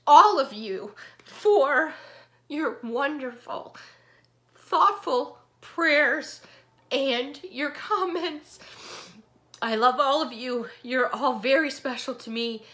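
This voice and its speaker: A woman's voice: sits high, sharp tone. A middle-aged woman vlogger chatting casually to camera, gushing and emotional with chatty asides. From United States.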